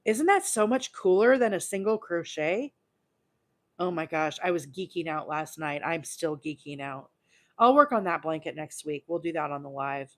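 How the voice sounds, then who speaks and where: A woman in her forties from Alabama, hosting a casual crochet livestream and chatting with her viewers in a bubbly, excitable way. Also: deep voice. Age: 40s. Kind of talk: casual live crochet demo chat.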